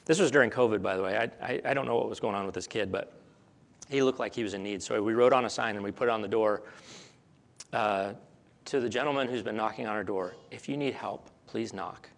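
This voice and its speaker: A middle-aged man preaching with a gravelly, creaky edge to his voice. He tells the story in waves, pushing up to emphatic peaks, then falling back quiet and close. He restarts and repeats words as he works out his thoughts aloud. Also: fairly low pitch, fast. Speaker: pastor. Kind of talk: sermon.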